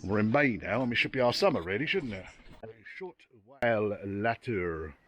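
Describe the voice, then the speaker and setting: A man's voice: on the low side, big pitch swings, normal speed, a bit bright, lo-fi sound. Weary man muttering while working outdoors. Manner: muttering, swears freely, dry self-deprecating asides. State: tired and soaking wet. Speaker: classic car restorer vlogger. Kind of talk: casual workshop commentary. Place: outdoor yard in the rain.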